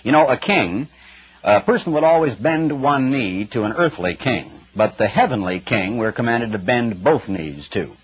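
A man's voice: medium pitch, expressive, moderate pace, slightly rough. A man preaching a broadcast sermon in a plain-spoken, emphatic, conversational way. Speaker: radio preacher. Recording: dull lo-fi radio broadcast with faint music.

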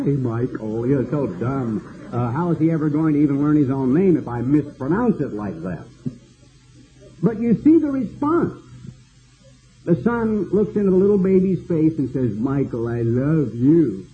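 An older man preaching a sermon, slow and cadenced, building long repeated lists. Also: on the high side, phone-quality sound, slight background noise.

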